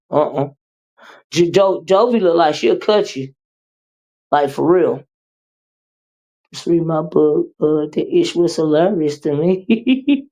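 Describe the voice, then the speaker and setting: A woman hosting a livestream, reading viewer comments and chatting with them in an animated, teasing way. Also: sits low. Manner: animated, teasing, with repeated "uh-uh" and laughter. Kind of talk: casual chat with viewers.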